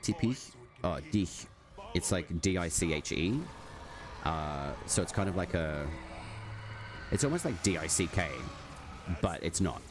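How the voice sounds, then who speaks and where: Speaking low and a little slowly with long pauses, a man plays a game on stream and rambles to his viewers. He leans heavily on "like," and steady background noise runs throughout.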